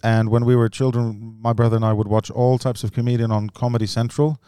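This is a man from Lebanon chatting on a podcast, with a smooth, resonant voice in a dry room. He tells stories with lively energy and is quick to slip into voices. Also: mid-range voice, dry recording. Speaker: comedian guest. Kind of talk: casual podcast chat.

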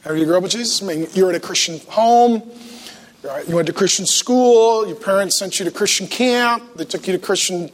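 A man's voice: high-pitched, brisk. A man preaching a humorous sermon to a church congregation, playfully acting out the voices he quotes. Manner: animated, talks to the congregation.

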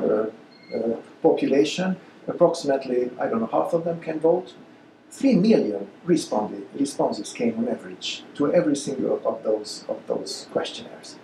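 Man, mellow, echoey hall. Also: a little high, gravelly, a little hiss or hum. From Hungary. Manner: halting, many uh fillers and restarts. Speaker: guest speaker. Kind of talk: lecture Q&A answers. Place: lecture hall. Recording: echoey lecture room.

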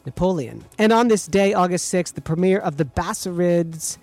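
A man's voice: high-pitched, moderate pace, a little mellow, faint music behind. A man hosting a college radio talk show in a studio, with upbeat, hyped-up banter.

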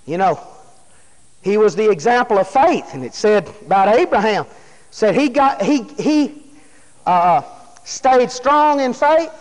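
Casting: high-voiced male preacher, shouting revival style, long reverberant hall. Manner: shouting, Southern preacher cadence. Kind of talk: fiery revival sermon.

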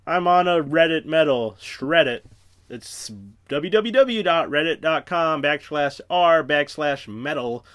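A man's voice: a little high, clean tone. Profane rambling solo podcast host man. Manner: profane, rambling, self-mocking tangents.

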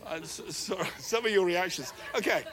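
A man preaching a sermon as pastor, animated, with sudden swings between loud, raised lines and quiet asides. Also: high-pitched, moderate pace.

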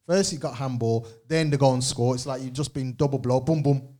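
A man co-hosting a show, chatting casually and jokily about football in fast slangy banter. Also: mid-range voice. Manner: fast, animated, jokey, slangy. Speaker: co-host.

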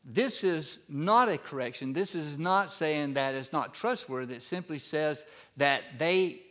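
A man preaching a sermon as pastor, reading scripture and then explaining it in a conversational teaching way, his voice climbing in pitch and volume for emphasis. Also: expressive, a little slow, a bit bright.

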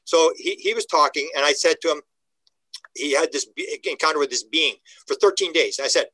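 Bright-voiced man telling stories animatedly. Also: moderate pace, no echo, low-quality recording. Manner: acts out the voices of the people he quotes, with lively pitch jumps. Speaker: interview guest. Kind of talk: animated conversational storytelling.

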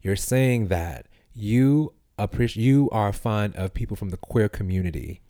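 Dark-voiced podcast co-host. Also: male voice, fairly low pitch, a little slow, no echo, clean studio sound. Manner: earnest, explanatory, builds long arguments. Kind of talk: casual discussion.

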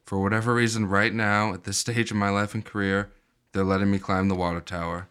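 A man's voice: lowish voice, flat delivery, fairly quick, a bit bright, smooth. A man co-hosting a casual movie podcast, chatting with wry, dry humor. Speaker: podcast co-host. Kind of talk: casual chat about movies.

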